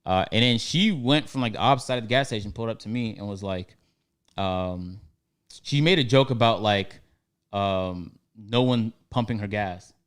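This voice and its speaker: A man's voice: lowish voice, normal speed, smooth. A young man casually telling a story on a podcast, acting out both sides with slang.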